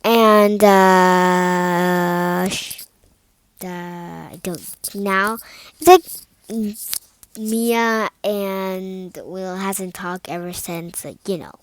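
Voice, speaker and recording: Young woman, slow unhurried talk, casual rambling storytelling, lots of fillers and restarts. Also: mid-range voice, steady tone, smooth, rough recording.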